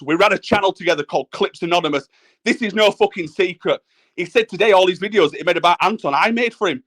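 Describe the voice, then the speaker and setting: A high-pitched man venting in a furious, expletive-laden rant. He talks over everyone on a livestream panel, hammering home the same points. His voice stays pinched and high throughout the quarrel. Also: fairly bright tone. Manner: angry, ranting, swearing constantly. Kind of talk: heated argument on a livestream panel.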